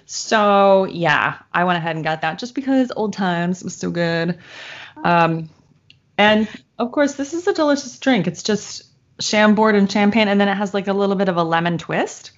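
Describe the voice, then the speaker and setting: A young Michigan woman co-hosts a podcast, chatting casually with an animated mid-range voice at a moderate pace. She tells meandering stories and swears freely, and the recording has a dull lo-fi sound.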